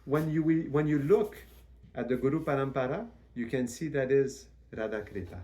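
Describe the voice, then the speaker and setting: A man giving a devotional lecture as a spiritual teacher, in a measured, reverent way with frequent restarts. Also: mid-range voice, mellow.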